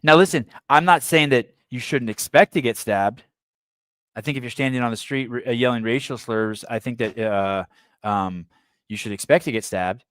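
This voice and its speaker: A man's voice: medium pitch, moderate pace, fairly bright tone, clean tone, dry recording. A man from the San Francisco Bay Area hosting a podcast. He reads a news article aloud and breaks off into blunt, provocative, irreverent asides. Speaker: podcast host.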